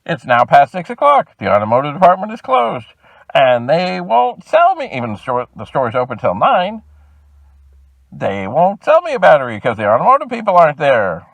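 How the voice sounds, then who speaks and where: Man, from canada, lively storytelling voice, exasperated, dry close recording. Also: on the high side, normal speed, creaky, no room sound, poor audio. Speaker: video host. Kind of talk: storytelling vlog.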